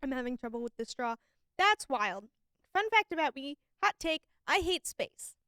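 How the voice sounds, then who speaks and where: A woman's voice: high voice, sing-song, moderate pace, bright, forceful tone, no echo, studio quality. A young woman co-hosting a student podcast in casual chat, laughing often and acting out little quotes. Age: young adult. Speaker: podcast co-host.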